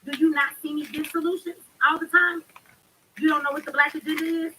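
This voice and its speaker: A woman livestream host talks fast and hot, swearing freely and firing back at her chat. Her voice sits high and sounds bright and forceful. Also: little pitch movement, slight background noise, low-quality recording. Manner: fiery, profane, addresses the chat directly. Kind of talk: live-stream rant answering chat.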